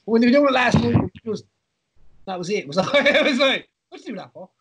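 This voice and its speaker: Irish male host, husky high voice, rambling casual chat, laughs a lot. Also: animated, fast, a bit bright. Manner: rambling, laughs often, many fillers. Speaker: podcast host, former fighter.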